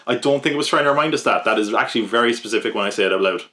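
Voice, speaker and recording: A man of middle pitch reads his scripted horror-movie countdown with a wry, jokey edge and asides to the listener. He talks plainly and steadily, like a podcast host. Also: very fast, loud music behind the voice.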